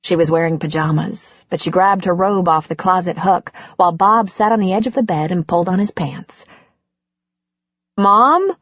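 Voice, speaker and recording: A woman narrating an audiobook in a calm, even storytelling manner. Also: on the low side, fairly quick, few pauses, no room sound, muffled recording. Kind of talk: scripted narration.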